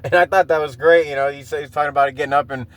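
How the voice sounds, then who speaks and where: A man's voice: a little high, fairly even intonation, very fast. A man hosting a casual solo podcast, rambling and swearing freely and laughing often. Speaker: podcast host.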